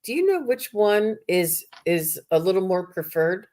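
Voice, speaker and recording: A woman with a fairly low voice hosts a live online workshop. She chats in a loose, friendly flow and reads out viewer comments. She fills her pauses with ums. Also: lively intonation, darkish tone. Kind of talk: casual live-stream chat.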